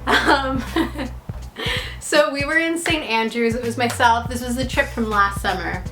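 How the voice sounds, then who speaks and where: A chatty young woman, a vlogger and actor, tells stories in a casual vlog with a fairly high voice and a slow pace. She rambles, says "like" constantly and laughs often, recorded in an echoey room with faint music.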